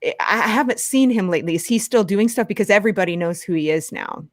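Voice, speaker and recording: A woman hosting a casual interview show, chatty and animated, often laughing. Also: medium pitch, fast, no echo. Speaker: show host.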